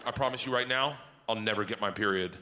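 A deadpan twelve-year-old girl, low and flat, speaking with total unearned confidence, as a man plays her. Her delivery is quiet and matter-of-fact. A noisy live-room hum sits under her. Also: quick pace, natural voice.

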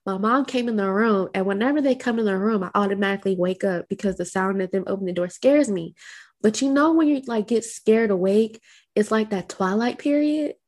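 A woman co-hosting a podcast, telling a personal story in a lively, casual way and acting out quotes. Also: fairly quick. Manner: lively, acts out quotes in a high voice. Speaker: podcast co-host.

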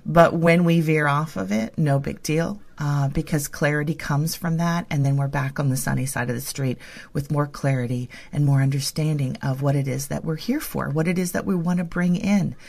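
A woman co-hosting a spiritual podcast, talking in a gentle, flowing, reassuring way. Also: sits low, steady tone, normal speed, gravelly. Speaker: podcast co-host. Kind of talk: casual spiritual chat.

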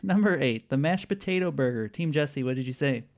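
A man's voice: medium pitch, animated, brisk, a little mellow. A man hosting a casual quiz game with friends, reading out answers in a laid-back way and laughing often. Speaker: quiz host. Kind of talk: casual group game chat.

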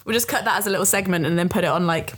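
A woman's voice: lowish voice, very fast, a bit bright, a little hiss or hum. Young woman, podcast guest, chatty, laughs a lot, filler-heavy casual talk. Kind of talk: casual chat.

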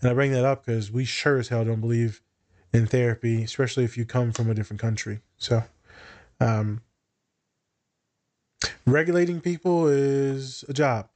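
A man's voice: medium pitch, normal speed, long pauses, a little mellow. Blunt, profane male therapist. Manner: blunt and profane, tells client stories. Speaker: therapist and podcast host. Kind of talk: casual podcast chat.

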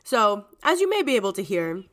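Talking a little fast at a medium pitch, this woman co-hosts a podcast in relaxed conversation. A cold leaves her sounding stuffed up, and she's giggly, chatty and lively, laughing frequently.

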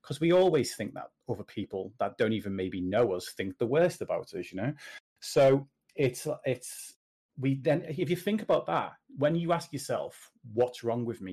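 A British man speaking as a guest in a casual interview, animated and joking as he gives advice. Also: medium pitch, breathy edge. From Britain. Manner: animated, jokey, talks in quick asides. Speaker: podcast guest, confidence coach.

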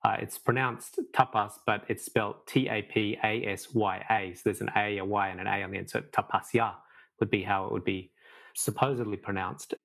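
A middle-aged man who is a meditation teacher, a guest in a casual podcast conversation, telling lively stories and laughing often. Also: fairly low pitch, a little fast, creaky. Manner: animated storyteller, laughs often.

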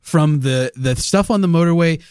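A man co-hosting a podcast in a relaxed, casual chat, often laughing along. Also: fairly high pitch, moderate pace, smooth, no echo, studio quality. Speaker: podcast co-host.

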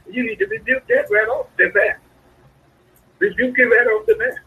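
A man preaching a sermon, a pastor calling out to his congregation with sudden high swoops in his voice. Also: normal speed, sharp tone, slight background noise. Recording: lo-fi radio broadcast sound.

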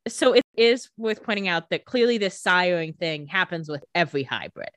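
A woman's voice: lowish voice, moderate pace, fairly bright tone, no echo. Chatty woman co-host, dry sound. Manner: chatty commentary with joking asides. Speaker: podcast co-host. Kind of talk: casual recap chat.

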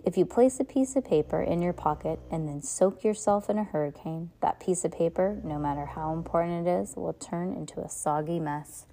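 A woman's voice: fairly low pitch, warm tone. A woman reading a novel aloud in a casual way, often restarting lines. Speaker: reader.

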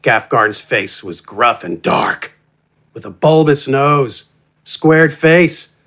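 A man reads a fantasy tale aloud, his pitch rising and falling with lively range. His middling voice carries an expressive, playful storytelling manner. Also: slow pace. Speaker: narrator. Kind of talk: scripted fantasy story narration.

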